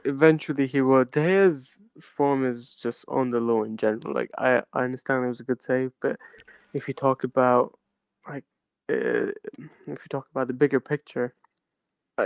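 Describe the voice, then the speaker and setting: A man co-hosting a podcast, talking football in a blunt, animated way and calling his co-host bro. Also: mid-range voice, normal speed, gravelly, no room sound, lo-fi sound. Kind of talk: casual football chat.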